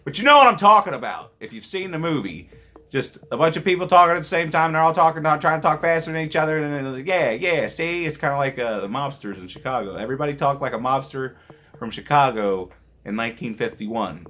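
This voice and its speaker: A man's voice: medium pitch, expressive, fast talker, pushed and bright. A man casually reviewing an old movie on his vlog, rambling and joking with profane asides.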